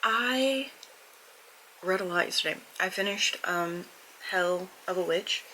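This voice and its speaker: Low, bright-voiced chatty woman. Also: level tone, moderate pace, slight background noise, poor audio. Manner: candid, rambling, chatty. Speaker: book vlogger. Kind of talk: casual vlog chat. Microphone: camera mic.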